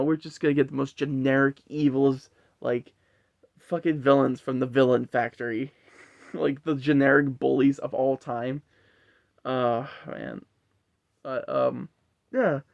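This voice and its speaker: A man's voice: mid-range voice, vocal fry, dry recording, muffled recording. A man giving a casual, rambling film review full of swearing and frequent laughter. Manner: rambling, profane, laughs often. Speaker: movie reviewer.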